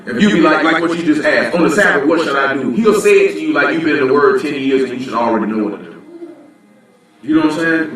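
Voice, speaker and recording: A man's voice: fairly high pitch, a bit bright. Blunt man teaching in an echoey hall. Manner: conversational, blunt, often asks "you know what I'm saying". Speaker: teacher at a religious assembly. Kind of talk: informal Bible teaching. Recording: very echoey room, voice from a distance.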